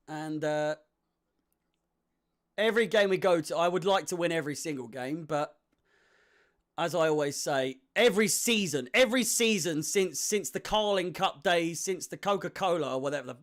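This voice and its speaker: A young man hosting a live football watch-along, chatting with viewers and getting excitable at chances. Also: fairly high pitch. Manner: excitable, shouts and laughs at chances. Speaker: fan watch-along host.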